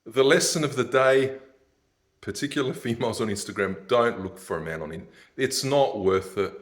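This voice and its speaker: A man's voice: mid-range voice, moderate pace. Rambling sardonic man. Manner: rambling, sardonic, laughs at his own jokes. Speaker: vlogger. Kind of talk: ranting monologue.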